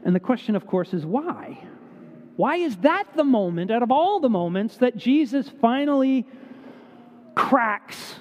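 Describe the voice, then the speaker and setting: A man's voice: extremely high pitch, very animated, unhurried. A man preaching a sermon, telling the story vividly and repeating words for emphasis. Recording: dull echoey hall recording.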